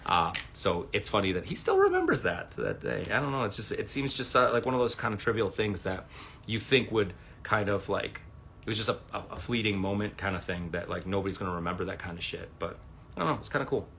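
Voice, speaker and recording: A man's voice: lowish voice, big pitch swings, fast talker, vocal fry, a bit bright, slight background noise. A man hosting a casual live stream, rambling through stories with plenty of fillers, swearing and acted-out quotes. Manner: rambling, profane, lots of fillers and quoted dialogue. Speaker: livestream host. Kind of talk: casual storytelling to viewers.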